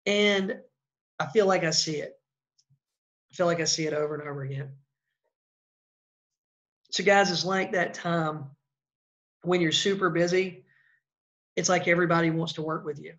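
Male real estate coach, blunt and chatty, gravelly voice, lo-fi sound. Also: a little high, fairly even intonation, moderate pace, long pauses, a bit bright. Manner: blunt, conversational, acts out example calls. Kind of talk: casual coaching talk.

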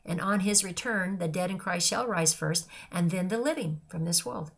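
A woman's voice: lowish voice, moderate pace, gravelly, husky. An older woman, a grandmother, giving an earnest personal devotional talk in a repetitive, list-like way of speaking. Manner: earnest and repetitive, listing phrases. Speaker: christian speaker.

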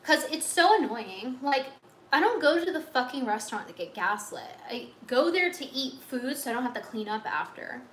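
A young woman with a high voice rants to her livestream chat, exasperated and sarcastic. She swears freely and piles on the complaints. Her voice bounces around a roomy, echoey space. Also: big pitch swings, normal speed, fairly bright tone, a little hiss or hum. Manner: exasperated, profane, sarcastic ranting.

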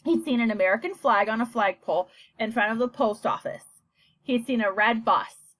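A woman narrating a children's novel with an expressive, even-paced reading. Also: a little high, moderate pace, no room sound. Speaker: audiobook narrator. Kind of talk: scripted storybook narration.

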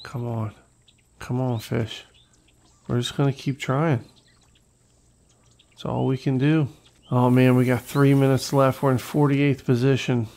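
A man hosting a gaming channel, giving casual, excitable gameplay commentary, talking to viewers and swearing when things go wrong. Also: mid-range voice, unhurried, vocal fry, pauses often, low-quality recording.

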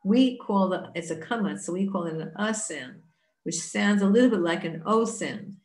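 A woman teaching a Torah class in an earnest, chatty way. She asks rhetorical questions, restarts her sentences and says things again in new words. Her voice sits at an ordinary pitch and rings in a roomy, echoey space. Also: animated, normal speed, a little mellow.

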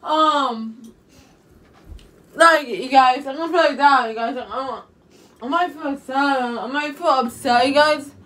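A young woman chatting to camera from her bedroom in a very high, bright voice. She rambles and circles back, tossing "you guys" into nearly every phrase. Her voice sits a little away from the mic. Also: a little slow, far from the mic. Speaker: vlogger. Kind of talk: casual chat to camera.

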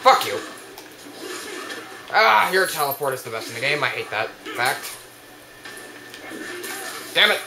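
A young man commentating his own gameplay, swearing and yelling at the opponent. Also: medium pitch, big pitch swings, normal speed, creaky, long pauses, echoey room, background noise. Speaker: let's play gamer.

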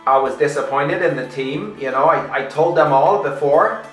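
A man voicing a serious, disappointed Irish sports manager in a put-on Irish accent, speaking haltingly. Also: fairly high pitch, a bit bright, voice pushed down, lightly acted. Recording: roomy, distant, music behind.

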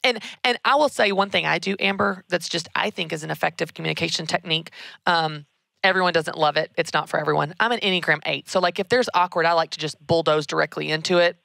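A woman, hosting a casual advice talk in an energetic, emphatic way, repeating key words. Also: fairly low pitch, fast talker, creaky, no room sound, studio quality. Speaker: podcast host answering a listener question.

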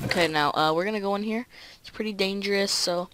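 A let's play gamer chatting casually and excitably through each move of the game. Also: medium pitch, quick pace, hardly any pauses, a little hiss or hum. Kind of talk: casual gameplay commentary.

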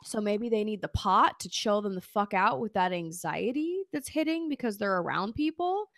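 A woman's voice: medium pitch, expressive, normal speed, gravelly, a bit bright, no room sound, studio quality. A woman comedian guesting on a podcast, brash and playful, swearing freely in casual chat.

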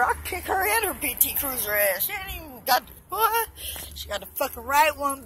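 A woman's voice: sits high, big pitch swings, normal speed, background noise. A drunk young woman vlogging outdoors on her phone, rambling and swearing with loose banter. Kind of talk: casual rambling selfie vlog. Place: outdoors by a busy road.

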